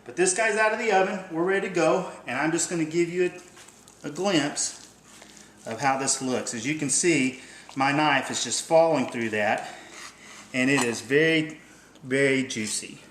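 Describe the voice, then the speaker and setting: A man, hosting a casual cooking demonstration in a kitchen, talking in a relaxed, folksy, plain-spoken way. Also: on the high side, normal speed, slight background noise. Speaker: company host demonstrating cooking. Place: indoor kitchen. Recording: roomy kitchen echo.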